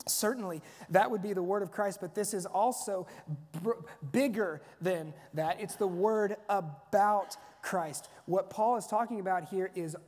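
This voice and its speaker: A man's voice: high-pitched, unhurried, a little mellow. A man preaching a sermon in a conversational, storytelling way, often restarting his phrases. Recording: long hall reverb.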